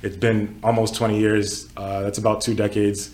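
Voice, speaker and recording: A man's voice: on the low side, moderate pace, roomy sound, slight background noise. A man in his twenties, born in Nigeria, hosting a casual podcast chat and telling stories with lots of filler words. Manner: relaxed storytelling with filler words. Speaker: podcast host.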